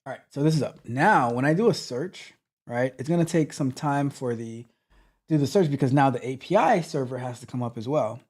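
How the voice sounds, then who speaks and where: A man coaching on tech during a live coding walkthrough, thinking aloud with halting restarts and trailing off. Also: medium pitch, a little mellow.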